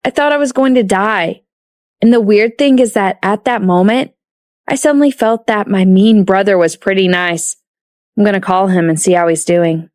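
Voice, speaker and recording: A woman's voice: medium pitch, normal speed, darkish tone, no room sound, studio quality, close to an everyday voice. A woman voicing Sylvia, an impulsive, dramatic young woman detective, with an emphatic, exclaiming delivery.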